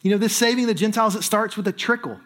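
High-voiced man preaching a sermon. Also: fast, a bit bright. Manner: conversational preaching with frequent "right?" asides. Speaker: pastor.

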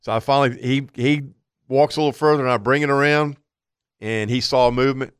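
Male radio co-host who tells long stories vividly; smooth, clear tone, close dry mic. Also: medium pitch, brisk, dry recording. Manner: animated storyteller acting out his own thoughts. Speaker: radio outdoor show co-host. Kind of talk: storytelling on talk radio.

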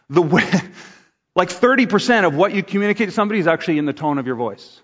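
A man's voice: on the high side, expressive, fairly quick, fairly bright tone. A middle-aged man, a pastor, delivering a conversational sermon with acted-out asides. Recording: dull sound in a large reverberant room.

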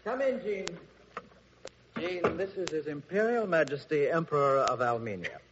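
An actor playing an embarrassed young prince in an old radio play, hesitant and apologetic. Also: male voice, a little high, lively intonation, normal speed, fairly bright tone, breathy edge. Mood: awkward. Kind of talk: 1940s radio acting. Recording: muffled old radio recording.

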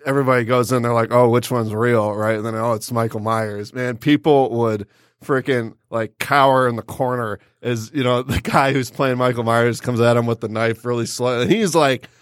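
A man's voice: medium pitch, steady tone, normal speed, dry recording, clean studio sound. A man hosting a podcast in casual chat, laughing along and steering the talk. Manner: laughs often, backchannels, steers the conversation. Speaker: podcast host.

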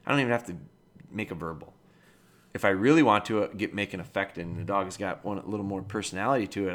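A middle-aged man hosting a dog training podcast, talking in a relaxed, plainspoken, matter-of-fact way. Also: low-pitched, fast. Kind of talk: casual advice talk.

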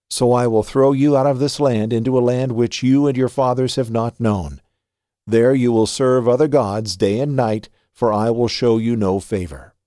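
A man reading Bible passages aloud in a measured, steady way. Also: medium pitch, no room sound, clean studio sound. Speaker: scripture reader.

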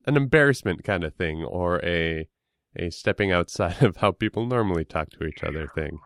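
A man's voice: low voice, animated, normal speed, no room sound, clean studio sound. A man in casual conversation, curious and laughing often as he asks questions. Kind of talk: casual chat.

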